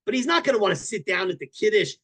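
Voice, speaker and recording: A man, a rabbi teaching a Torah class, telling stories in an animated way, repeating words and bursting into loud emphasis. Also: high voice, fast talker, slightly rough.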